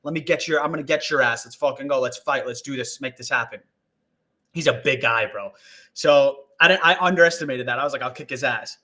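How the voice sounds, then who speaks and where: A young man telling a rambling story as a guest on a live video call, animated and full of swearing and acted-out quotes. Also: medium pitch, a little fast. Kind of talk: casual storytelling on a live stream.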